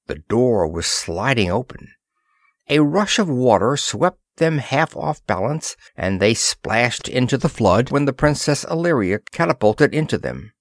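Man reading an adventure story out loud, expressive, slow, lots of pitch movement. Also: no room sound, clean studio sound. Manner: expressive reading, does character voices. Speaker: audiobook narrator. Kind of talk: storybook narration.

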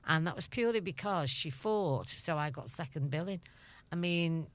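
A woman's voice: low voice, expressive, moderate pace, dry recording. A middle-aged woman from Liverpool with a Scouse accent, chatting as an interview guest, laughing often and acting out the dialogue of her anecdotes. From Liverpool, England. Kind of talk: storytelling interview.

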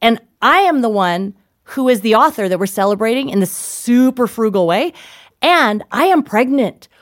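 A woman in her thirties, an author and guest, telling stories in a lively way and acting out quotes. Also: on the high side, moderate pace, no room sound, studio quality. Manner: animated, acts out quotes with laughs. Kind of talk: casual storytelling.

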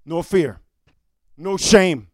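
A man preaching a fiery sermon, often shouting and calling "amen?" to his listeners. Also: high-pitched, very slow, dry recording.

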